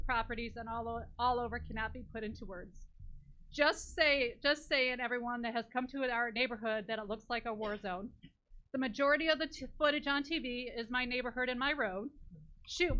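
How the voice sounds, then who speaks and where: Bright-voiced emotional woman at a podium. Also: fairly high pitch, rough recording. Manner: emotional, voice catching at times. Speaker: public commenter. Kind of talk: reading a prepared public comment. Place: county board meeting room. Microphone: podium microphone.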